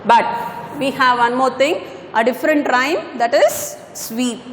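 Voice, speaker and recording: A high-voiced woman explains a poem like a classroom teacher, going back over points and correcting small slips. The room is echoey, with a long reverb tail and a faint hiss underneath. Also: animated, slow pace. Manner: patient, repeats points, corrects herself. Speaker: English teacher. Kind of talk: classroom lecture on poetry.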